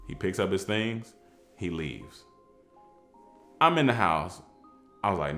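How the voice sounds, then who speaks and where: A man telling a personal story in a casual, animated way, acting out the people in it. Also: low voice, slow, long pauses, soft background music. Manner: animated, excitable storytelling with voiced quotes.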